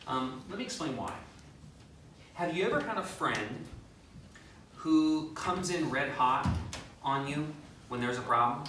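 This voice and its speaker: A man preaching a conversational sermon as pastor, animated, acting out quotes and making joking asides. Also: on the high side, measured pace, pauses often, noisy background. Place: church sanctuary. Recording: very echoey, distant mic.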